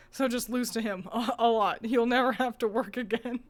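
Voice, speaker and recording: A woman co-hosting a casual chat, rambling in a playful way, swearing now and then and breaking into quick laughs. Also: fairly high pitch. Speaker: podcast co-host.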